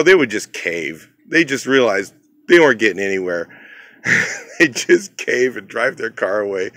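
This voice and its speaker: A man's voice: medium pitch, sharp tone, no echo, clean studio sound. A man casually telling a rambling story from his old job, full of fillers, acting out what others said. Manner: rambling, many fillers, acts out other people's lines. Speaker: channel host.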